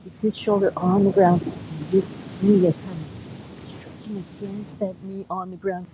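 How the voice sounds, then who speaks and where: A woman over fifty teaching a live yoga class outdoors on a beach, giving gentle, coaxing cues and counting breaths. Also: mid-range voice, steady tone, measured pace, noisy background.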